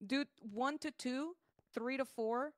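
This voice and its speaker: A woman's voice: sits high, slow pace, dry recording. A young woman streaming a game, chatting casually and grumbling playfully about her loot. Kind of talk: casual gaming stream chat.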